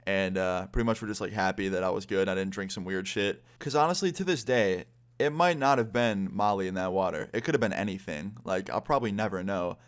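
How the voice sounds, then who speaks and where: A young man telling a personal story in casual, swear-heavy talk full of "like.". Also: deep voice. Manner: swears a lot, fast conversational storytelling full of "like". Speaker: vlogger.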